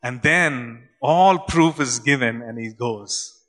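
Bright-voiced male preacher telling stories. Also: medium pitch, slow. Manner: animated, conversational with fillers. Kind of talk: sermon storytelling.

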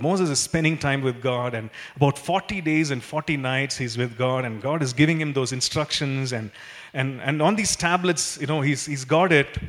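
A man preaching a sermon in an animated way, with many fillers and repeated phrases. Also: fairly high pitch.

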